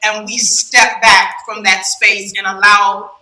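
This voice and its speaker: A woman hosting a casual talk about marriage, telling a story in an animated way and laughing as she tells it. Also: mid-range voice, takes it slowly, reverberant, distant mic, low-quality recording. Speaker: host.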